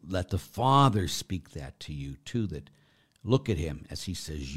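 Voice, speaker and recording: Deep-voiced priest, middle-aged man, live-stream Q&A, chatty and rambling, lots of fillers. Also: sing-song, a little slow, husky. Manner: warm, rambling, self-deprecating, with frequent fillers. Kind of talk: live-stream Q&A, reading chat comments.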